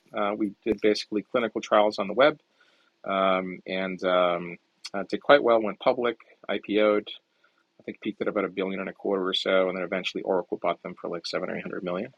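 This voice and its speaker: A middle-aged man with a low, gravelly, husky voice tells career stories in a loose, rambling chat. He stops and restarts often and leans on fillers, and the recording sounds dry and close. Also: fairly bright tone, no echo, poor audio. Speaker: startup founder guest. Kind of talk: casual storytelling in an audio chat room.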